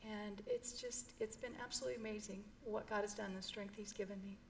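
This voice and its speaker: A woman's voice: mid-range voice, big pitch swings, a little fast, vocal fry, a little hiss or hum. A middle-aged woman telling an emotional personal story in an interview, earnest and heartfelt. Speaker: guest.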